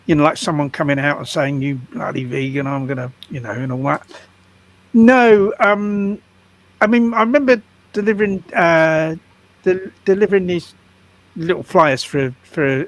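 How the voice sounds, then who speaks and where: Retired guy, husky and slightly high, talks in stops and restarts. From United Kingdom. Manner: hesitant, stammering restarts. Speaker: guest activist. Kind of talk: casual conversation.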